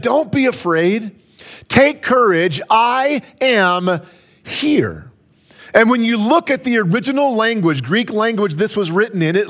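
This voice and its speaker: A man's voice: sits high, a bit bright. A man preaching a sermon, emphatic and building to raised peaks, repeating key phrases for effect. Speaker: pastor.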